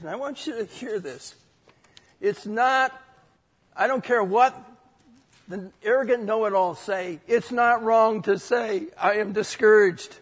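Man preaching, high voice, long church reverb, loud declaring then soft reflective scripture reading. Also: measured pace.

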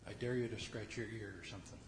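Soft-spoken man leading a church service. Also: fairly low pitch, steady tone, in a large hall, soft background music. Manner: soft-spoken, gentle, pausing for quiet prayer.

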